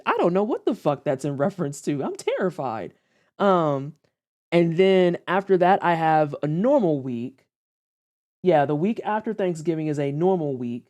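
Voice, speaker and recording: A young woman streamer from the Saint Louis area, chatting casually and swearing freely, acting out quotes in high voices. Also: sing-song, moderate pace, mellow. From Saint Louis area, United States. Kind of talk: casual chat on a livestream.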